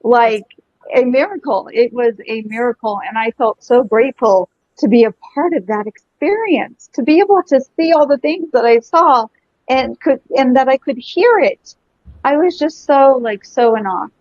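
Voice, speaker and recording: A woman's voice: high voice, animated, moderate pace, a little mellow, no echo. Effusive woman on a muffled call. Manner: effusive, breathless exclamations. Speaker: guest, energy healer. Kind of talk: emotional storytelling in conversation. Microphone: video call.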